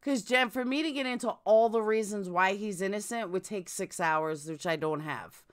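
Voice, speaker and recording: A woman's voice: medium pitch, moderate pace. A woman hosting a casual live stream, chatting and answering viewers' comments. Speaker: true crime live streamer.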